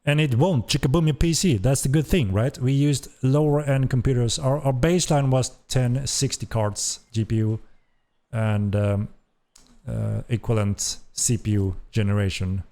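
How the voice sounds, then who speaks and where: A man's voice: mid-range voice, moderate pace, darkish tone. A man hosting a game developer stream, giving enthusiastic live commentary as he plays and repeating his praise. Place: at a computer playing the game.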